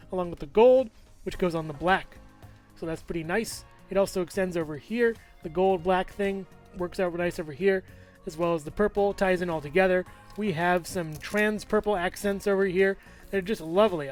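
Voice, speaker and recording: High-voiced man chatting through a toy review. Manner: chatty, upbeat, handling and pointing at parts. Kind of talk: casual product review.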